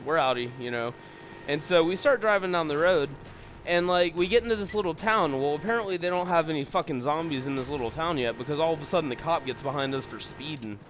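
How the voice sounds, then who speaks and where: A man's voice: on the high side, lively intonation, fast, a bit bright, slight background noise. A young man telling stories in a casual, rambling way over gameplay, swearing often and leaning on fillers. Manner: rambling, profane, filler-heavy. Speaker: gameplay commentator.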